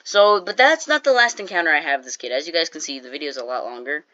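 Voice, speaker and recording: A YouTuber telling a casual story over gameplay, animated and jokey, with quick asides to the viewers. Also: medium pitch, highs cut off.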